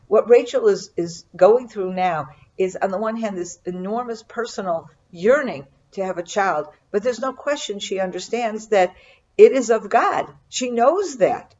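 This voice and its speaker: A woman's voice: medium pitch, warm tone, dull audio. Earnest middle-aged woman teaching scripture. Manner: earnest, reflective, with many restarts. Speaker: Bible teacher. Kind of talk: Torah portion commentary.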